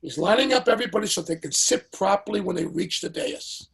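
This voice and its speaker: An older man, a veteran singer, telling a lively anecdote as a podcast guest and acting out the people in it. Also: sits high, brisk, gravelly, husky, low-quality recording. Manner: lively storyteller who acts out the people in his stories. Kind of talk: animated anecdote in a podcast interview.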